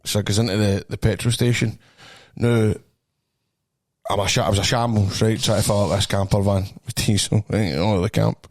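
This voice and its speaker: A man's voice: fairly low pitch, fairly even intonation, moderate pace, a little mellow. A Scottish man hosting a podcast, telling rambling, swearing stories in casual banter with lots of laughing. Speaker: podcast host.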